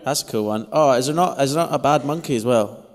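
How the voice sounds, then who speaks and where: A young man speaking into a handheld mic at a convention panel, halting and restarting often. His voice sits at a middle pitch, and a long reverb trails off the hall walls. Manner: hesitant, laughing, full of restarts. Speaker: actor panelist.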